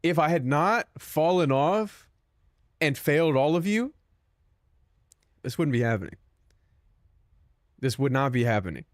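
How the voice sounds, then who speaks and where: A man's voice: fairly high pitch, sing-song, a little slow, long pauses, no room sound, studio quality. A young man streaming and chatting casually with his viewers, joking, swearing and mocking himself. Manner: self-mocking, profane, joking.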